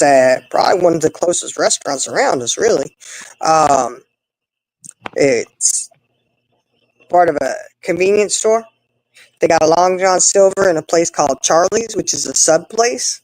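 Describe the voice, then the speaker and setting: A woman's voice: measured pace, dry recording, poor audio. Chatty woman telling stories. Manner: chatty storyteller, animated with big swings in pitch. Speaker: co-host. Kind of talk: casual chat.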